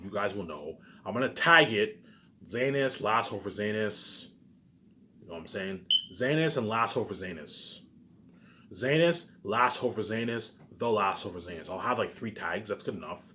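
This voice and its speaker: A man's voice: deep voice, fairly bright tone, slight background noise. A man from Canada talking alone to camera in a rambling, repetitive monologue, swearing often and stressing his points. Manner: repetitive, profane, emphatic, keeps saying "obviously". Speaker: vlogger.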